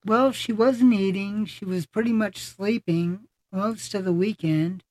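Podcast host talking casual, mid pitch, keeps restarting sentences, very dry close sound. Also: dry recording. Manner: halting, many fillers and restarts. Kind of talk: casual conversational chat.

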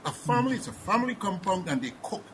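A man with a Guyanese accent speaking as a panelist in a discussion, measured and professorial with frequent hesitations. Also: high-pitched, very animated, a bit bright, a little hiss or hum, poor audio.

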